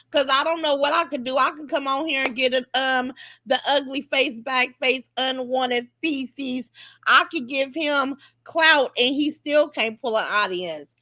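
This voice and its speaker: A woman's voice: high voice, unhurried, no echo. A woman hosting a casual livestream, greeting viewers by name and brashly mocking her critics. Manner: brash, animated, greets commenters and mocks detractors. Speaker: livestream host.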